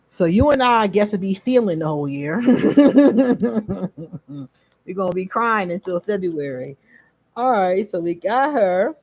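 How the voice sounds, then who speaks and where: Woman, casual card-reading host, animated, laughs a lot, stretches words for emphasis, dry close sound. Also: mid-range voice, measured pace, no echo. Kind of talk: casual live-stream chat.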